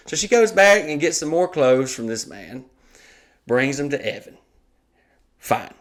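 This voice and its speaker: A man's voice: medium pitch, measured pace, long pauses. A man telling a funny story on a comedy podcast, swearing a lot and acting out the voices of the people in it. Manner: animated, acts out quoted voices, swears a lot. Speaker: podcast co-host.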